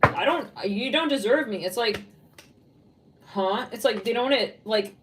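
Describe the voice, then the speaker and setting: A woman's voice: on the high side, animated, a little slow, long pauses, far from the mic, very noisy. A woman giving a psychic tarot reading, blunt and rambling, swearing freely and voicing what she is picking up. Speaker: tarot reader.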